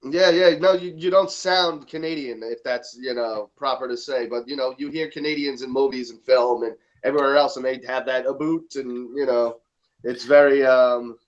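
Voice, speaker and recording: A man with a New York accent speaks as a podcast guest over a call, telling stories with emphatic push. His mid-pitched voice comes through slightly dull and lo-fi. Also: normal speed. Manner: animated storyteller, emphatic. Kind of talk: casual podcast chat.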